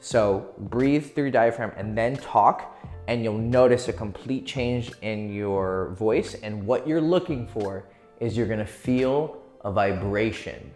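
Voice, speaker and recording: A man's voice: on the low side, slow, a little mellow, faint music behind. A man giving casual dating advice, loose and profane, laughing easily as he explains. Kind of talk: casual instructional talk.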